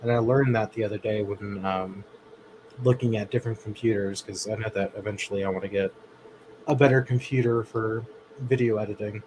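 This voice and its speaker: A man co-hosting a livestream, chatting casually with viewers in a relaxed, loose way. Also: on the low side, brisk, background noise. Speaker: livestream co-host.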